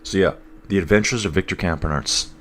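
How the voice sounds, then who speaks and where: A man's voice: deep voice, brisk, a bit bright. A man with a stuffed-up voice giving casual live commentary on a bike race and reading out viewer comments. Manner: chatty, reads out viewer comments.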